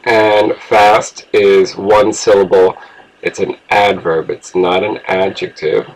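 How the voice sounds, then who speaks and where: A man's voice: on the low side, flat delivery, slow pace, low-quality recording. A man teaching an English grammar lesson, explaining rules patiently and spelling words out letter by letter.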